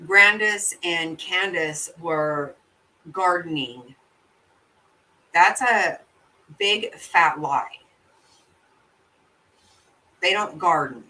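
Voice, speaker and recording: On a live stream, a woman chats casually with her viewers, reacting to their comments in a blunt, profane style and laughing easily. Her voice is fairly low and sharp-toned, with drawn-out words and long pauses. The recording is low quality, and the mic sits at a distance.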